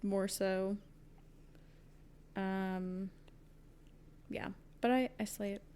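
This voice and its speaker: A woman's voice: medium pitch, fairly even intonation, drawn-out words, darkish tone, slight background noise. A young woman co-hosting a podcast, chatting casually about books, gushing and rambling with lots of fillers and laughter. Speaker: podcast co-host. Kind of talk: casual book chat.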